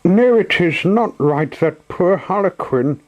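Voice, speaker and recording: A man's voice: big pitch swings, slow, muffled recording, exaggerated voice. A man voicing an earnest wooden puppet boy in a raised, pleading voice. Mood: proud. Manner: pleading, high strained voice.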